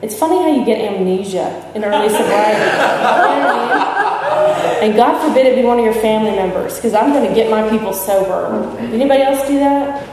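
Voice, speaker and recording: Her voice is a little high and expressive, moving at a quick pace with few pauses, heard over a noisy crowd. She is a woman sharing her recovery story frankly at a recovery convention, teasing and questioning the audience in a large hall. The clip was recorded far away in an echoing space.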